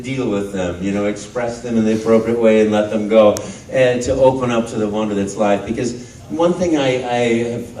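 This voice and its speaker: A man in his fifties speaking on a convention panel, animated, breaking into loud cartoon voices and then turning earnest and heartfelt. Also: mid-range voice, a little hiss or hum. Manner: earnest and heartfelt when reflecting. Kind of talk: animated panel talk to an audience. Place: large convention hall. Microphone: handheld phone in the audience. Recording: phone recording from far off in an echoey hall.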